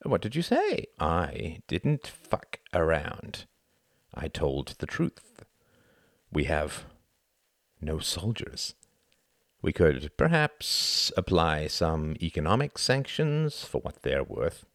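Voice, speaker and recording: A man voicing a contemptuous British official who shouts and curses, in an audiobook reading. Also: rumbling low, sing-song, no echo, clean studio sound, pitched below the performer's own voice, exaggerated voice. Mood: grim. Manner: shouting, cursing, drawn-out.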